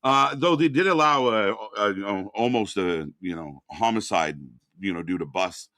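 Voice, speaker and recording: In studio-quality audio with no echo, a man with a fairly low, animated voice talks at normal speed in a sharp tone. As co-host of a casual live wrestling watch-along, he agrees with his partner through short replies and lays out the chat points contest he runs.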